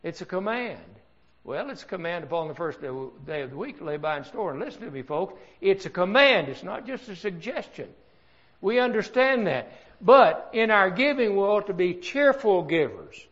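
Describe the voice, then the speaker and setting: A man's voice: sits high, very animated, moderate pace, a bit bright, highs cut off. Older man preaching an earnest sermon. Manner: earnest, conversational preaching with rhetorical questions.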